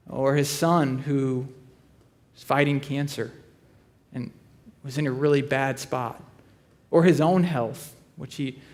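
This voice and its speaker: Man in his thirties preaching with wit. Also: fairly high pitch. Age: 30s. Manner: conversational storytelling with dry humor; drops to quiet, slow delivery on serious points. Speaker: pastor. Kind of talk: sermon.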